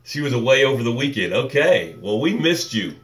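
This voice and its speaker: A man coaching viewers on a live morning show, building fervent, preacher-like runs of repeated phrases, then dropping soft and slow for breathing cues. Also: medium pitch, big pitch swings, echoey room. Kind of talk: motivational live talk with guided breathing.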